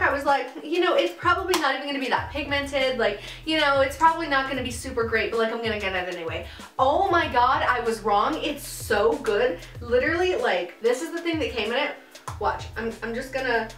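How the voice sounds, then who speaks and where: A woman's voice: high-pitched, animated, brisk, fairly bright tone. A young woman vlogging in casual chat to camera, giggling often and filling her talk with "like" and "um". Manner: chatty, giggly, many fillers. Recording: echoey room, mic at a distance, music underneath.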